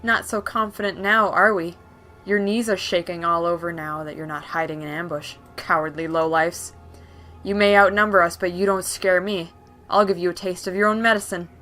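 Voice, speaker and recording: A woman voicing a bold young heroine who shouts defiantly. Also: lowish voice, fairly even intonation, moderate pace, soft background music, close to an everyday voice. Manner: loud, defiant.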